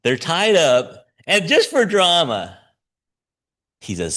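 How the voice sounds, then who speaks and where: A man in his fifties delivers a sermon as a personal story, laughing often and stopping to correct himself mid-sentence. His pitch swings widely from high to low, which keeps the telling lively. He sounds like he is talking to his congregation rather than reading to them. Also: takes it slowly. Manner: conversational storytelling with frequent laughs and self-corrections. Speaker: pastor. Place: church sanctuary.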